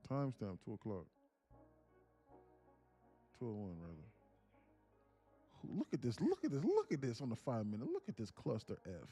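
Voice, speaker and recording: A man hosting a live day-trading stream, telling stories in a casual, animated way and muttering about the charts. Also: medium pitch, moderate pace, long pauses, faint music behind. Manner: animated storytelling, acts out quotes, laughs often. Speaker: livestream day trader. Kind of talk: casual livestream chat.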